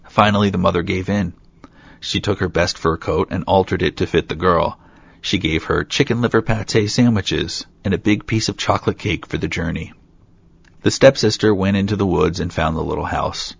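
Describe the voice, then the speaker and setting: Very deep, gravelly male storyteller. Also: moderate pace, dry recording. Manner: steady storytelling with light asides. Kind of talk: reading a fairy tale aloud. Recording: dull dry lo-fi recording.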